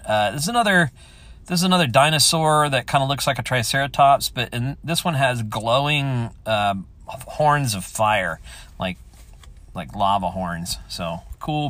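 A man hosts his own show in a relaxed, solo chat. He rambles and thinks out loud, perking up with easy enthusiasm. His voice sits at an ordinary middle pitch. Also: no echo. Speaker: podcast host.

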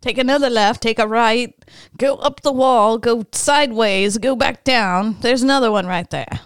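A woman's voice: on the high side, moderate pace, smooth, dry recording, lightly acted. Woman doing a folksy scruffy raccoon. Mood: helpful. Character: scruffy friendly male raccoon.

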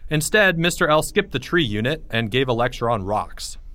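Reading at a normal speed in a mid-range voice, an author narrates his scripted children's story for an audiobook, playing each character with expression. The recording is dry.

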